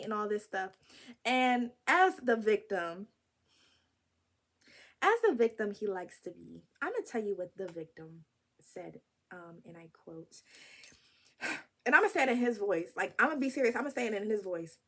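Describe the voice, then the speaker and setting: A young woman in her twenties telling a casual storytime vlog to the camera. She talks in an animated, expressive and wry way, with a voice sitting a little high. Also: normal speed. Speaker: vlogger.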